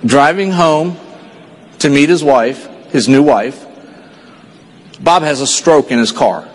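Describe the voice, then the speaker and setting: A man from Texas giving an earnest, storytelling speech to a conference audience, dropping low and quiet at the sad parts. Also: slow pace, long reverb tail, low-quality recording. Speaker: motivational speaker.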